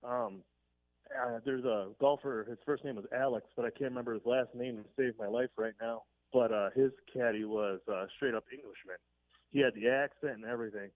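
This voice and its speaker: A man's voice: medium pitch, no room sound. A man phoning in to a radio talk show, rambling through a story with plenty of fillers and a chuckle here and there. His voice comes down a thin, phone-like line. It sounds dry and close, with no room around it. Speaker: caller. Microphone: telephone.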